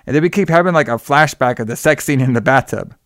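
A man's voice: medium pitch, fast, a bit bright, dry recording, clean studio sound. Rambling young man recapping a movie. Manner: rambling, heavy on "like" and "you know". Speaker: podcast co-host recapping a film. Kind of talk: casual chat.

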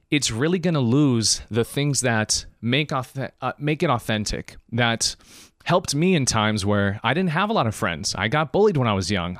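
A man's voice: medium pitch, no echo, clean studio sound. A man hosting a live-streamed podcast monologue, emphatic and choked up, repeating phrases for emphasis. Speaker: podcast host.

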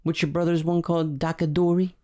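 A man's voice: a little high, little pitch movement, fairly quick, darkish tone. A man hosting a podcast, chatting casually and telling rambling, joking stories. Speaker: podcast host. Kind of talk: casual chat. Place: podcast studio.

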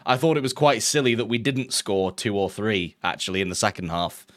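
A man from England co-hosting a football podcast, casual and rambling, prone to laughter and excited outbursts. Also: fairly low pitch, brisk. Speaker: podcast co-host.

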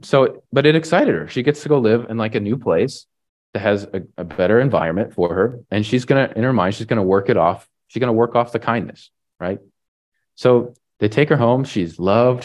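A man's voice: on the low side, a little mellow. A man preaching a sermon, retelling a story in a casual way with lots of "like" and "right?". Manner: casual, filler-heavy retelling with frequent "like" and "right?".

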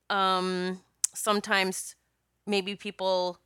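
Bright, clear-voiced woman podcaster. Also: on the low side, normal speed, no room sound, clean studio sound. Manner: chatty, rambling, with many restarts and laughs. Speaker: podcast host and spiritual coach. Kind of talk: casual solo podcast storytelling.

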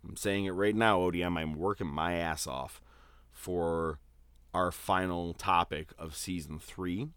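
A man co-hosting a podcast in casual, animated chat, swearing and laughing easily. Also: low voice, measured pace, clear, resonant tone, dry recording. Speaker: podcast co-host.

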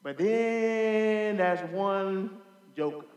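A man preaching a sermon as pastor, impassioned and repetitive, swinging between loud declarations and hushed asides. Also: high-pitched, drawn-out words. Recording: echoey hall with long reverb.

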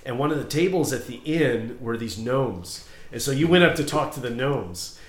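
Animated male podcast host telling stories. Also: mid-range voice, normal speed. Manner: animated storytelling, acts out scenes. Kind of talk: casual chat. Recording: roomy echo.

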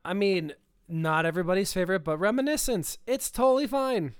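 A man co-hosting a podcast in casual chat, animated and quick to laugh. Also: high voice, clear, resonant tone, no room sound, clean studio sound. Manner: animated, laughs often, acts out quoted voices. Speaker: podcast co-host.

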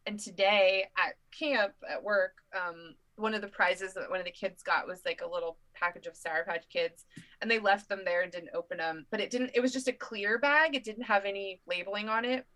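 A chatty young woman with a bright, crisp voice, co-hosting a relaxed conversation. She tells stories with animated energy and frequent laughs. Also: medium pitch, normal speed, poor audio. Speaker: podcast co-host. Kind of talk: casual chat.

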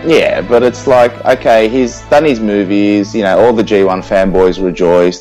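A man's voice: on the low side, fairly even intonation, moderate pace, a little mellow, soft background music, low-quality recording. A man co-hosting a casual podcast, ranting in an exasperated way and swearing now and then. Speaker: podcast co-host. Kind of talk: casual chat.

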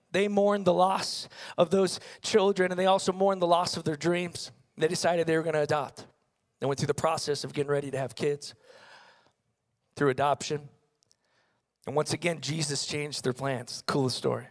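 Young male pastor with a light, high-pitched voice and earnest storytelling delivery. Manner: earnest storytelling, rhetorical questions. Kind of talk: sermon.

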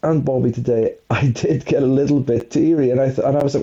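A man's voice: mid-range voice, fairly even intonation, fast talker, dark tone, lo-fi sound. A man co-hosting a casual football podcast, rambling and self-mocking as he talks through the match. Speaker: podcast co-host.

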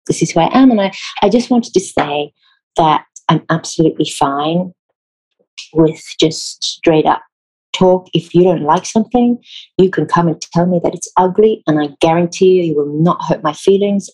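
A woman from Israel with an Israeli accent, a theatre designer telling anecdotes in an interview, animated and laughing often. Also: low voice, normal speed, husky, rough recording. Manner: animated storyteller, laughs often, acts out quotes.

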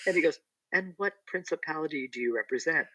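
A man's voice: on the high side, a little fast, sharp tone, dry recording, poor audio. A middle-aged man, an entertainer, telling a rambling story in a casual interview with many restarts and asides.

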